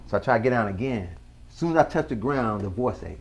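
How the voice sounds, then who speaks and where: A man who is a guest on an interview show, earnestly telling a personal story in a slow, casual way with slang. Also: fairly low pitch, darkish tone.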